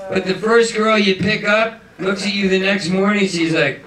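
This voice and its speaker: A stand-up comic, delivering manic, profane rants, often shouting and laughing. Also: male voice, high voice, moderate pace, far from the mic. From New York. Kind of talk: stand-up comedy. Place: comedy club. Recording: roomy club recorded from afar with crowd.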